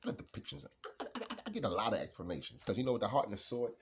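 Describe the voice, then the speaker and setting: A man giving a casual, rambling tarot card reading, laughing often and swinging between low mutters and loud bursts. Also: very animated, racing.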